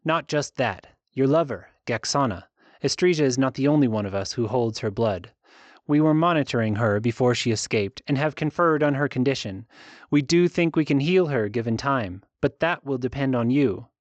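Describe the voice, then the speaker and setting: A man's voice: mid-range voice, lively intonation, moderate pace, no echo, natural voice. A man reading an ancient, imperious guild matriarch. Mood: commanding. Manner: imperious, scolding. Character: ancient sharp-eyed woman guild leader, haughty and commanding.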